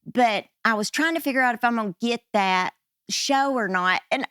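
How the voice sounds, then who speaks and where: A woman's voice: fairly high pitch, moderate pace, smooth, no room sound, studio quality. A woman podcast host telling rambling, self-deprecating stories in a casual conversation. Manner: animated, rambling anecdotes with self-deprecating laughs.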